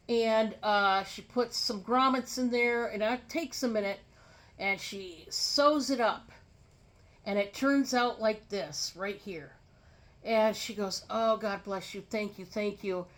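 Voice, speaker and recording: A woman casually telling a story to her viewers, chatty, with many fillers. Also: on the high side. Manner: chatty and drawn-out, lots of fillers. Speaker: storyteller vlogger.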